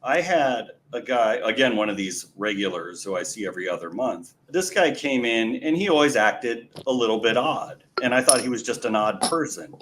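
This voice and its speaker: A man's voice: mid-range voice, moderate pace, hardly any pauses, slight background noise. A man hosting a casual podcast chat, telling bar stories and acting out customer exchanges. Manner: animated storyteller, acts out exchanges. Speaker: podcast host.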